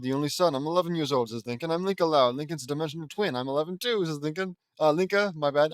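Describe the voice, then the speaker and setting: A man reads his own fan fiction aloud in a loose, casual audiobook style, stopping to crack sarcastic jokes between lines. His voice sits a little high for a man. The recording is dry and close, made on a home microphone. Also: fast talker, few pauses, dry recording. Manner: joking, sarcastic asides between read lines. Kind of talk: casual audiobook reading with asides. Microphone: close home mic.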